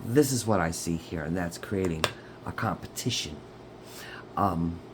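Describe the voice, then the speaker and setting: A man's voice: medium pitch, a little hiss or hum. Chatty man giving a casual tarot reading. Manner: chatty, keeps checking in with "okay?" and "y'all". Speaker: tarot reader. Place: at home.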